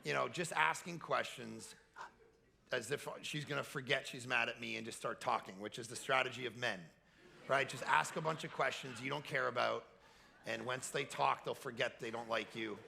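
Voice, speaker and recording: A man preaching a lively camp sermon, telling stories and swinging from quiet asides to loud, high-pitched peaks. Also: moderate pace, creaky. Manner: animated storytelling with shouted high peaks. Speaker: pastor. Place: camp meeting hall.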